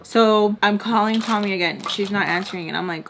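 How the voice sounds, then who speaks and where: Animated woman telling a storytime. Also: mid-range voice, fairly quick, background noise. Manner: animated, acts out quotes, swears casually. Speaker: storytime vlogger. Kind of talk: casual storytelling.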